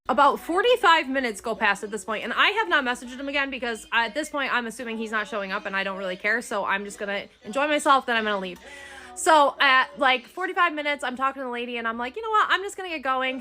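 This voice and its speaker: A woman telling a dating story in casual storytime style, animated and indignant. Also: fairly high pitch.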